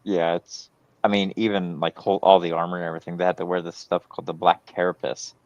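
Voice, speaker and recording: Man, very low voice, dull lo-fi sound, chatty explainer with lots of fillers. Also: little pitch movement, quick pace, darkish tone, no echo. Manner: explains at length with many fillers. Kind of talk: casual livestream chat.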